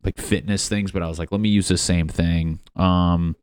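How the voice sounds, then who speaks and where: Deep-voiced young man, rambling and profane. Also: fairly even intonation, moderate pace, a little mellow, clean tone, no echo, clean studio sound. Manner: rambling, profane, self-mocking. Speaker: podcast host. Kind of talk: casual solo podcast monologue.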